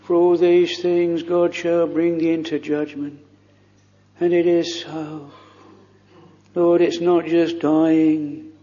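Slow, pleading preacher in an echoing church. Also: male voice, fairly high pitch, level tone, mellow. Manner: earnest, pleading, in old-style formal phrasing. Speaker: minister leading prayer. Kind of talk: old-fashioned pulpit prayer. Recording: dull lo-fi recording in a reverberant hall.

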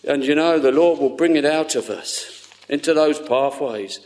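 A man preaching a sermon in an earnest, tender way, often dropping to a hush. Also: a little high, normal speed.

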